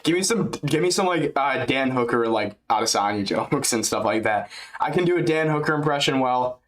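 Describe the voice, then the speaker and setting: A young male streamer talks over a live fight broadcast in a casual, rambling way, tossing out crude jokes. His voice sits at an ordinary middle pitch. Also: lively intonation, normal speed. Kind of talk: live fight-companion chat.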